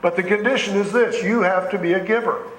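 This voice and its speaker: A man's voice: high voice, a little fast, fairly bright tone, echoey room, rough recording. A man preaching a sermon as pastor in a church, telling folksy stories and lifting his voice on the scripture passages. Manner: folksy storytelling with rising emphasis on scripture. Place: church sanctuary.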